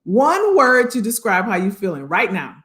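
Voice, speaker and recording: A woman's voice: mid-range voice, huge pitch swings, moderate pace, fairly bright tone. A woman hosting a casual livestream, upbeat and chatty, greeting viewers by name and talking straight to the commenters. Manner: talks to unseen commenters. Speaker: livestream host, career coach.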